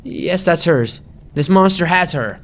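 A woman's voice: deep voice, fast talker, pitched above the performer's own voice, natural voice. A man voicing a panicked mother screaming about her missing daughter in a horror story. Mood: frantic. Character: frantic mother of a missing girl.

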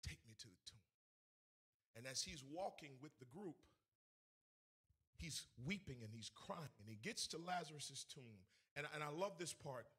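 A man preaching a sermon to a congregation, swinging between shouted, sing-song lines and hushed storytelling. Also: a little high, animated, normal speed, husky. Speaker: evangelist. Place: in front of a congregation.

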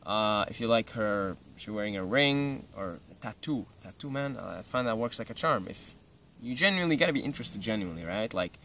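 Laid-back young man, bright voice. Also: on the low side, lively intonation, a little fast. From Syria. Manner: laid-back, rambling, peppered with "you know" and "right". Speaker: vlogger giving advice. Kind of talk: casual advice monologue. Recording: slightly distant mic, faint ambient noise.

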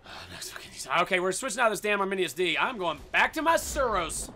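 Hyped-up gamer dude yelling at his match, high bright voice, faint hiss behind. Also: fast talker. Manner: excitable, swears and shouts at the game. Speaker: gaming video host. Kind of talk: casual gameplay commentary.

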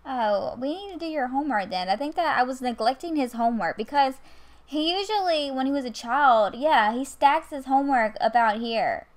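Speaking at a moderate pace with a high voice and lively intonation, this gaming YouTuber in her 20s plays a life-sim game and talks casually into her USB desk mic. She keeps scolding the characters in exasperated little asides.

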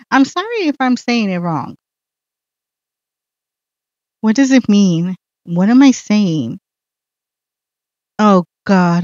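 A woman's voice: medium pitch, a little mellow, dry recording, muffled recording. A woman giving casual, self-mocking commentary while she plays a video game, reacting aloud to what happens on screen. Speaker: gameplay streamer. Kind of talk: casual let's-play commentary.

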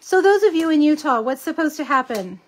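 A woman's voice: high voice, animated, fairly quick. Chatty woman hosting a craft livestream. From Texas. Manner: chatty, chats with viewers while crafting. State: slight cough. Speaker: host. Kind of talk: casual craft tutorial livestream.

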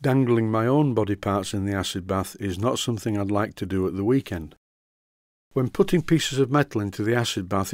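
An older man with a mild Yorkshire accent, narrating a workshop tutorial in a measured voice with deadpan dry humor. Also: fairly low pitch, no echo. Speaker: model engineering tutorial host.

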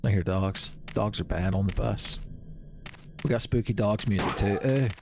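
A man's voice: fairly low pitch, steady tone, moderate pace, creaky, background noise. A man doing joking, rambling gameplay commentary, calling listeners son. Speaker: let's play host. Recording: game music behind voice.

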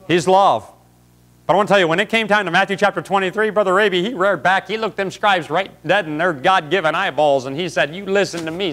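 A man's voice: a little high, a bit bright. Fiery folksy preacher man. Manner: folksy, fiery, addresses congregants by name. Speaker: pastor. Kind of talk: sermon. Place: church sanctuary.

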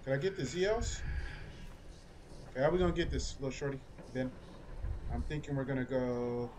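A man doing casual, excitable gameplay commentary as a streamer, chatty and cursing at enemies. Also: medium pitch, moderate pace, noisy background. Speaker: gaming streamer.

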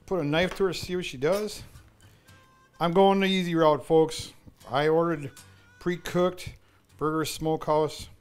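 A man's voice: fairly high pitch, fairly even intonation, measured pace, pauses often, smooth, soft background music. A man talking casually to the camera while cooking in his home kitchen, chatty and often addressing the folks watching. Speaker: home cook in sponsor segment.

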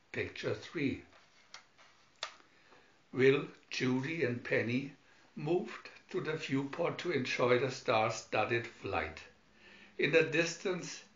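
Slow, deliberate male storybook reader. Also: medium pitch, fairly bright tone. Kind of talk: storybook narration. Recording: echoey, dull home recording.

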